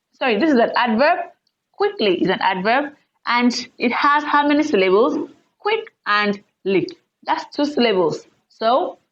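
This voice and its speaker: Lo-fi sound captures a woman teacher's online English lesson about word stress. She patiently lays out the rules, calling out example words loudly with her pitch raised.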